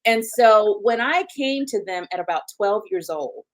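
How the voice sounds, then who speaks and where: A woman's voice: mid-range voice, a little slow. A middle-aged woman with a Southern US accent talks as an interview guest. She is chatty and folksy, calls her listeners y'all, and keeps the story moving. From Huntsville, Alabama, USA. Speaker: guest, gynecologist.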